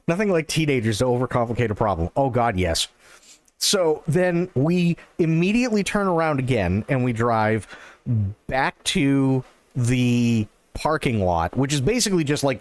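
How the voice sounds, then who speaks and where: Excitable man telling a story on stream. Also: mid-range voice, no echo. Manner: animated and excitable, swears often. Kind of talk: casual storytelling.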